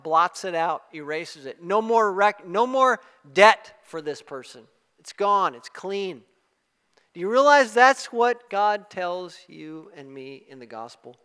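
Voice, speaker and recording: A man preaching a sermon, emphatic and rising to loud exclamations. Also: on the high side, clean tone. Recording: long hall reverb.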